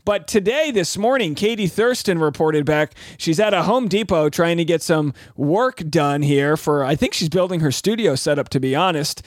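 A man's voice: on the high side, animated, moderate pace, hardly any pauses, no room sound, clean studio sound. A man hosting his own podcast as a stand-up comic, talking in an upbeat, jokey way with rambling asides. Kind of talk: energetic solo podcast chat.

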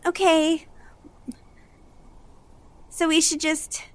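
Brief: female player, high voice, slow unhurried talk, giggly, dry close sound. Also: little pitch movement, no room sound. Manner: giggly, reactive. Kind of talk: tabletop role-play.

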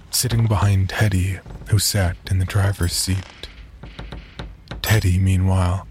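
A man giving scripted narration of a horror story in a measured, even way. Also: sits low, background noise. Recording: narration over loud music.

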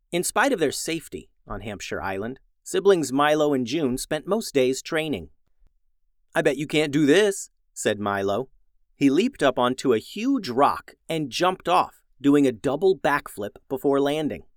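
A male host narrating a children's adventure story with gentle expression and lively, rising and falling intonation. His voice sits at an ordinary middle pitch. It is recorded close and dry, with no room sound. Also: no echo.

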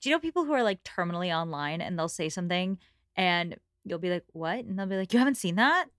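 A woman co-hosting a podcast, giving wry, animated commentary in a casual book chat. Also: on the low side, quick pace, clear, resonant tone, no echo, clean studio sound. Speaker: podcast co-host.

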